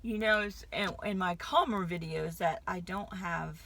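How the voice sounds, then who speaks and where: Rambling hyper woman, gravelly and bright. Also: lowish voice, a little slow, hardly any pauses, a little hiss or hum. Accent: light Southern US drawl. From Connecticut, US. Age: 50s. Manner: rambling, hyper, jumps between thoughts. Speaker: vlogger. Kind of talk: casual chat to camera.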